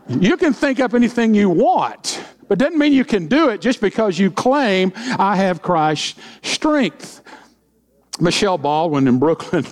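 A man's voice: high-pitched, big pitch swings, measured pace. A middle-aged man preaching as senior pastor, in a folksy way with joking asides and acted-out quotes. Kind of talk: sermon with humorous stories.

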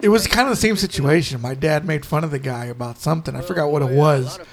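High, gravelly man telling jokes. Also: quick pace. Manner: joking, storytelling, profane. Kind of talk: casual chat while watching a movie.

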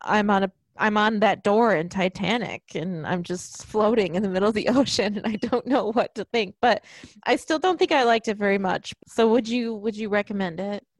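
A woman's voice: medium pitch, moderate pace, no echo. A woman co-hosting a casual podcast chat, telling rambling stories and laughing often. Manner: rambling storyteller, giggly. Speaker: podcast co-host.

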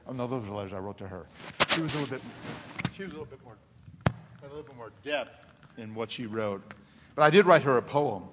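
A man preaching a sermon as pastor, telling animated personal stories, laughing often and dropping to soft, intense tones. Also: medium pitch, normal speed, pauses often, a little hiss or hum. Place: church sanctuary. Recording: long reverb of a church hall.

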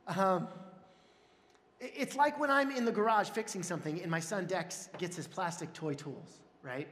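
A man preaching a sermon and telling stories with animated swings into loud, high exclamations. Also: moderate pace. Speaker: pastor. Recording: echoey hall with long reverb.

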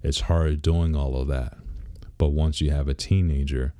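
A man's voice: rumbling low, fairly even intonation, unhurried, dark tone. A man in his thirties, a father, talking casually in a rambling, laid-back way and laughing now and then. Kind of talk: casual personal vlog.

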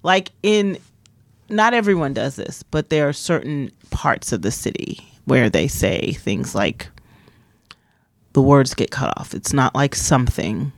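A woman in her fifties co-hosting a casual chat, telling animated stories and laughing often. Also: very deep voice, unhurried, vocal fry, no room sound, clean studio sound. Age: 50s. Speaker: podcast co-host.

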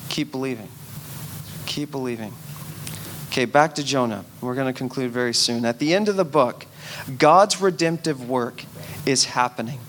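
A man, a pastor, preaching a sermon with animated storytelling and urging the audience on. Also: mid-range voice, normal speed, a little hiss or hum.

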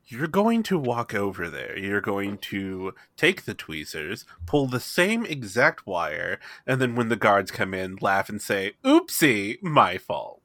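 A man playing a tabletop game, animated and laughing as he talks. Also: lowish voice, measured pace, hardly any pauses. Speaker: player. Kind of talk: casual tabletop game play.

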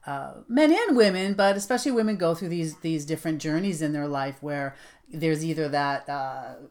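A woman's voice: low voice, animated, normal speed, a little mellow. A woman hosting a podcast interview, affirming and encouraging her guest. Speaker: podcast host.

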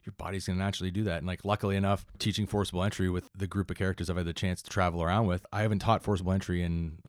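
A man in his thirties from Canada, a firefighter telling relaxed, rambling stories in a casual interview. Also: deep voice, racing, no echo, studio quality. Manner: relaxed, rambling anecdotes with many asides. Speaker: firefighter and instructor, guest.

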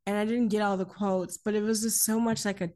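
Co-hosting a podcast, a woman with a medium-pitched voice recaps a film in casual, fast-paced chat. She's animated, laughs a lot, and swears freely.

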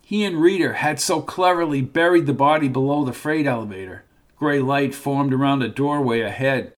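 A man giving scripted narration of a horror story in a steady, measured way. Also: medium pitch.

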